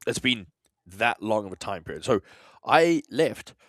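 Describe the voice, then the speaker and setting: A man's voice: fairly low pitch, very animated, a little slow, fairly bright tone, no room sound. A man from South Africa with an Australian accent and South African traces, co-hosting a podcast in casual, rambling, self-deprecating chat with some swearing. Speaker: podcast co-host.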